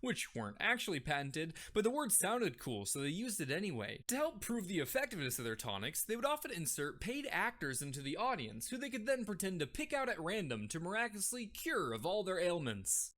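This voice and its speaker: Male comic narrator with a bright, sarcastic read. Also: high-pitched, very animated. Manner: sarcastic, quick comic delivery. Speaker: narrator of animated history comedy. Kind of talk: scripted comedic narration.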